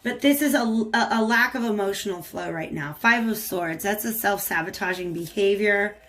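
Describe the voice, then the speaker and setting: A woman's voice: mid-range voice, moderate pace, a bit bright. A woman giving a casual tarot reading, chatting to viewers and talking to the cards as she goes. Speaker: tarot reader.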